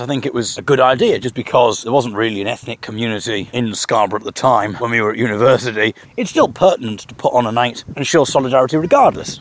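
Gravelly man telling a rambling story. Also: mid-range voice, a little hiss or hum. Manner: rambling, self-mocking, chuckling. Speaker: podcast host. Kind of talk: casual storytelling monologue.

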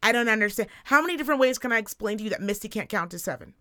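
A woman in her thirties co-hosting a casual podcast, telling a story in an animated, profane rant. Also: mid-range voice, very fast. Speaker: podcast co-host. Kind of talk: casual chat.

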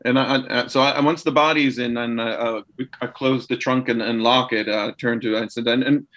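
Man, tabletop player, stammering, many fillers, mid pitch. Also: steady tone, normal speed, fairly bright tone. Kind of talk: tabletop role-play narration.

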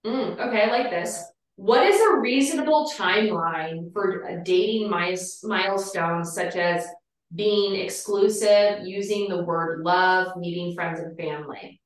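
Woman podcast host, casual, lowish voice, very echoey room, far from mic. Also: unhurried. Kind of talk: podcast interview. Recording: roomy, distant mic.

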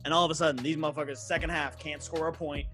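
Young male sports-podcast co-host, heated profane rants, slightly high voice, light music bed. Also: little pitch movement, quick pace, sharp tone. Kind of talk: casual sports chat.

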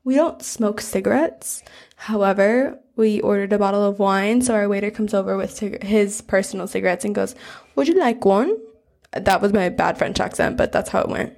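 A twenty-three-year-old American woman co-hosts a podcast from a hotel bathroom, chatting casually into a portable travel mic. Her medium-pitched voice is steady, a little fast, gravelly and slightly mellow. Chatty and giggly, she rambles through her stories.

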